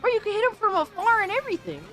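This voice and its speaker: A woman hosting a stream, chatting casually and reacting with excitable, profane trash talk. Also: extremely high pitch, very fast, faint music behind. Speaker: streamer host.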